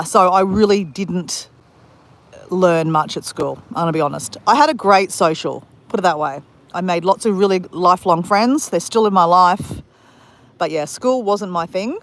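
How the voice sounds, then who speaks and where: Chatty Australian woman on a beach walk. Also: medium pitch. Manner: chatty, rambling, fast-talking with restarts. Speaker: vlogger. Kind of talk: live-stream chat on a beach walk. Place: outdoors at a beach at dawn.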